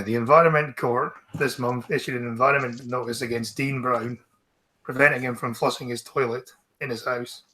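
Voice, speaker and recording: A Scottish man with a bright, forward voice reads news headlines aloud to his stream. He stumbles and trails off in places, and he swears casually between the items. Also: medium pitch, a little hiss or hum. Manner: halting, swearing, trailing asides. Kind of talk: casual news reading on a livestream.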